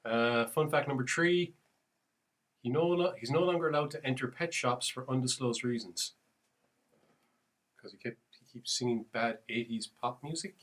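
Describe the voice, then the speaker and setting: A man co-hosting a podcast, dropping dry deadpan quips in casual chat. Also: medium pitch, moderate pace, pauses often. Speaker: podcast co-host.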